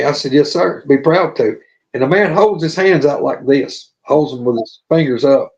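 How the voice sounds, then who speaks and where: A man's voice: on the high side, moderate pace, darkish tone. Folksy man telling a story. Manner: folksy, earnest, drawling testimony. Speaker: podcast guest telling his story. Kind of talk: casual storytelling. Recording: dull lo-fi audio.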